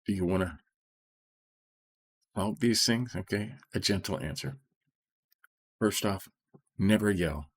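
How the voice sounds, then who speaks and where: Soft-spoken low husky male Bible teacher. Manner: soft-spoken, keeps checking in with "okay?" and "right?"; slows right down to stress key phrases. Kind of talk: informal scripture reading and commentary.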